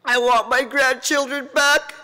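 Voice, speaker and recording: A middle-aged woman speaks slowly and evenly in a bright, tense voice, as a grieving mother addressing an assembly. She is emotional and defiant, and her voice breaks at times. Long reverb from a large hall trails her words. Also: high-pitched, steady tone. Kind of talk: impassioned public address.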